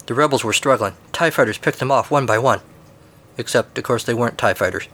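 A man's voice: medium pitch, brisk, fairly bright tone. Dry-humored male podcast host. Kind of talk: comic story reading.

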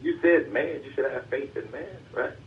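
A man's voice: mid-range voice, normal speed. A man arguing in a casual podcast talk, hedging his points and talking over the other speaker. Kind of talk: casual political argument. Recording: distant, dull, lo-fi.

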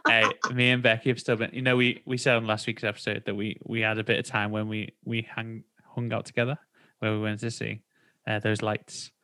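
A man's voice: lowish voice, level tone, brisk, bright, forceful tone, no room sound, faint music behind. Playful man hosting a chatty quiz. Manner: playful, teasing quizmaster. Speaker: podcast host. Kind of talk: casual chat.

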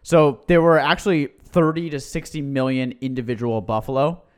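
A man co-hosting a casual podcast, telling history in an excitable, joking way. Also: mid-range voice, moderate pace, clean tone. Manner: excitable, tells history with jokes. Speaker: podcast co-host. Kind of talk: casual chat.

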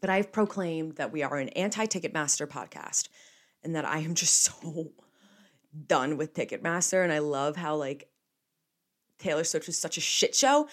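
A young woman from the United States hosting a podcast alone, telling stories in a chatty, animated way with playful asides. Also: deep voice. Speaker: podcast host. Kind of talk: casual solo podcast chat.

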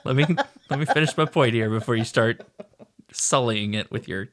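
A man's voice: mid-range voice, normal speed, fairly bright tone. Joking, rambling male podcast co-host. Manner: rambling, jokey, self-deprecating. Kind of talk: casual chat.

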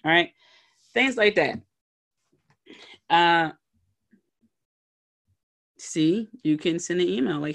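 A woman's voice: lowish voice, measured pace, pauses often, fairly bright tone. A woman hosting a solo podcast, giving conversational motivational advice and checking in often with her listeners. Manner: conversational, checks in often with "okay?" and "all right?"; acts out little scenes with brief put-on voices. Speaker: podcast host and life coach.

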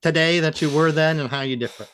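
Man, interviewer, smooth resonant voice, dry close sound, measured questions. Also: fairly high pitch, fairly bright tone, dry recording.

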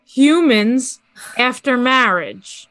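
A woman's voice: sits high, animated, extremely slow, fairly bright tone, dry recording, faint music behind. A woman hosting a podcast, teasing her co-host and laughing often in casual chat.

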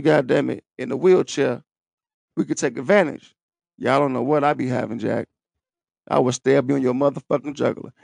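A man's voice: mid-range voice, gravelly, darkish tone, dry recording, studio quality. A man hosting his own podcast, rambling in a profane, streetwise, boastful way. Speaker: podcast host. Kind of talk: rambling solo podcast talk. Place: at home, seated in a wheelchair.

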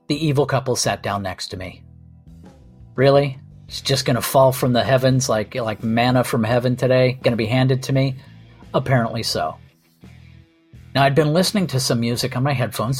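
Guy doing a snarky comedy podcast monologue, mid pitch, soft guitar music in the back. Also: moderate pace, slightly rough. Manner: sardonic, wry and profane. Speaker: podcast host.

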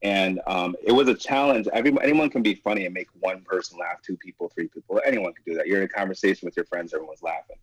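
A man who does stand-up comedy, speaking as a guest with an animated, emphatic storytelling manner and frequent laughter. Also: sits low, fast talker, hardly any pauses, breathy edge, no echo, low-quality recording. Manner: laughs often, breaks into laughter mid-story; emphatic, repeats "you know what I mean".

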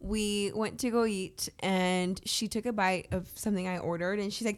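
Woman on morning radio, mid-pitched voice, disbelieving and expressive. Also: fairly quick, hardly any pauses. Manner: incredulous, expressive storyteller. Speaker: radio co-host. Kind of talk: casual morning show chat.

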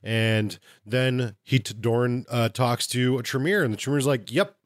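Profane, animated man retelling game lore. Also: medium pitch, measured pace, dry recording, clean studio sound. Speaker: podcast co-host. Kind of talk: casual chat about tabletop game lore.

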